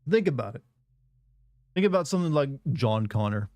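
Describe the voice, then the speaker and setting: A young man chatting casually while he streams a game, in a flat, monotone delivery that rambles and restarts. His voice sits in a middle pitch and sounds dry and close, with no room around it. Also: brisk, no room sound.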